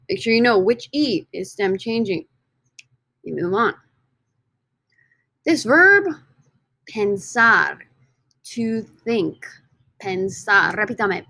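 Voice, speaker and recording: A young woman teaches a recorded lesson in a bright, clear voice and keeps an upbeat tone. She repeats each word so students can follow along. The sound is dry and close, with no room around her. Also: medium pitch, dry recording, poor audio. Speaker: Spanish teacher.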